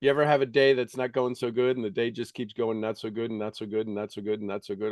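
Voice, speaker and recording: A man's voice: lowish voice, little pitch movement, fast talker, few pauses, darkish tone, no echo, clean studio sound. A man reading a self-help book aloud and breaking off into emphatic, preachy asides and questions to his listeners. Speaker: motivational book reader and coach.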